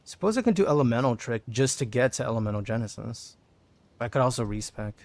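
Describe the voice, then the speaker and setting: A man's voice: medium pitch, quick pace, darkish tone. A man streaming a video game, chatting casually with his viewers and thinking aloud as he plays. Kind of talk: casual gameplay commentary.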